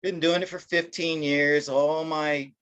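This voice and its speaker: A man's voice: fairly high pitch, flat delivery, measured pace, a bit bright, smooth, muffled recording. Rambling man telling his life story. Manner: rambling, with many restarts and self-corrections; self-deprecating, laughing at himself. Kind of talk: casual storytelling in an interview.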